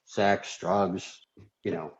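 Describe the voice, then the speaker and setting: A middle-aged surgeon from Minnesota speaks extremely slowly in a low voice with flat delivery while guesting on a podcast. He's candid and rambling, heavy on "you know," laughing as he tells stories, in slightly dull lo-fi audio.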